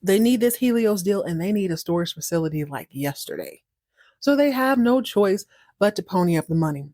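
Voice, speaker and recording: A woman hosts a podcast, recapping a soap opera in loose, slangy chatter. She laughs easily and keeps it animated. Her voice sits at a middle pitch and is recorded close to a dry mic. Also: a little fast, no room sound. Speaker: podcast host.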